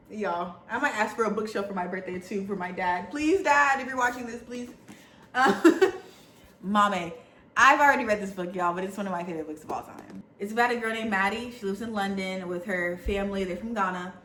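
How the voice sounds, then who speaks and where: A young woman vlogging casually about books, chatty and animated, often saying "y'all.". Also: medium pitch. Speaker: book vlogger. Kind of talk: casual chat. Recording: echoey room, faint background hum.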